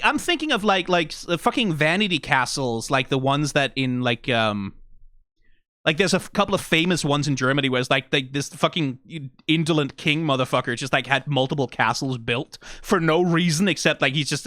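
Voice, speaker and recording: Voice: mid-range voice, fairly bright tone, dry recording, studio quality. Rambling Danish-accented reactor. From Denmark. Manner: rambling, swears often, many fillers. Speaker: video reactor. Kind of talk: casual reaction commentary.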